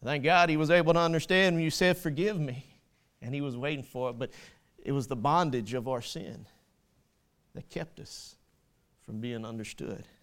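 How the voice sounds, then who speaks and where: A man's voice: on the high side, normal speed, a bit bright. A man preaching a sermon, quoting scripture with rising fervor and making small slips and corrections as he goes.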